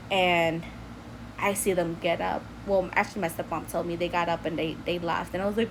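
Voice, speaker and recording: A young woman from New City, telling a personal story in casual chat from her bedroom, animated and laughing often as she acts out quotes. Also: fairly low pitch, moderate pace, slight background noise, poor audio. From New York City.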